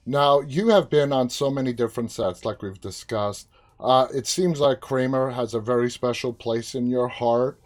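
A man's voice: medium pitch, moderate pace. A man interviewing a guest, asking questions and giving brief affirmations.

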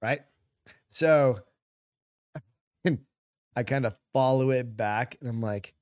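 Middle-aged male co-host, swears freely, lively storyteller, dry close sound. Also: mid-range voice, slow pace, pauses often, no echo. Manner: profane, animated storytelling. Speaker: podcast co-host. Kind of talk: casual chat.

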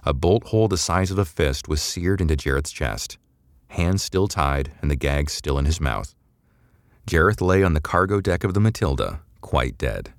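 Very deep-voiced male narrator. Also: expressive, normal speed, dry recording, studio quality. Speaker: audiobook narrator. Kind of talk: scripted narration.

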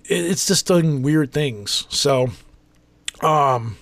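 A man's voice: on the high side, extremely slow, fairly bright tone, dry recording. A man, co-hosting a podcast and telling a rambling, joking story full of acted-out quotes. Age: 40s. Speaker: podcast co-host. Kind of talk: casual storytelling chat.

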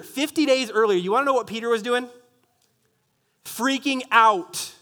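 A man preaching a sermon as pastor, animated and jokey, often restarting sentences and making wry asides. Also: sits high.

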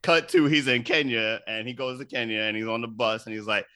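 A man's voice: medium pitch, steady tone, fairly quick, pushed and bright, smooth, no echo, clean studio sound. A man hosting a podcast, recapping a movie in loose, profane casual chat, laughing often and acting out the characters' lines. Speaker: podcast host.

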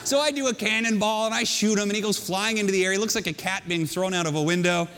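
Male pastor, high voice, animated storyteller, reverberant hall. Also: fast, a little hiss or hum. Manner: storytelling, animated, self-mocking. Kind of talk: sermon.

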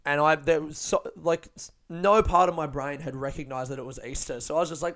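A man hosting a podcast, telling stories in an animated, sweary way and laughing often. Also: fairly high pitch, fast talker. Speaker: podcast host and stand-up comedian. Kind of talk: casual podcast monologue.

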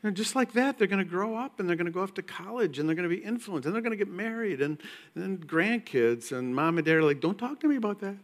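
A man preaching a sermon in a church, conversational and emphatic with quiet asides. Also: high voice, lively intonation, fast talker. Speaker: pastor. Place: church sanctuary.

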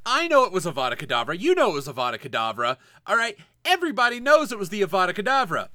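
A man co-hosting a casual podcast, excitable and swearing, often breaking into laughter. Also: extremely high pitch, dry recording, clean studio sound. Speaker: podcast co-host. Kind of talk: casual chat.

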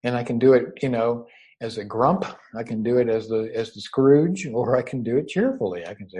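A man giving a spiritual teaching over a video call, unhurried and gently reassuring, often repeating his words. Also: mid-range voice, husky, rough recording. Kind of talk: meditative spiritual talk. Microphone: own microphone over a video call.

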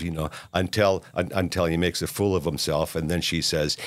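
A man from Minneapolis hosting his own podcast, ranting in a halting, rambling way full of filler sounds and restarts, with a scornful, combative edge. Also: deep voice, a bit bright, no room sound. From Minneapolis, USA. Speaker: podcast host. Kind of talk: solo rant monologue.

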